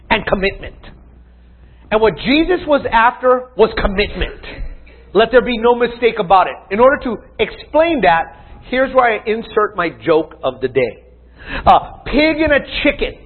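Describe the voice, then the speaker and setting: High-voiced preaching man, tinny sound. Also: husky. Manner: emphatic preaching with questions to the congregation. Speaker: pastor. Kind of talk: sermon.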